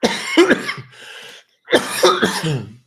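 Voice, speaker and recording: A man's voice: high voice, huge pitch swings, drawn-out words, pushed and bright. A man with a not yet recovered voice, chatting wryly through a live stream about scam calls. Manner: chatty, wry, loose asides.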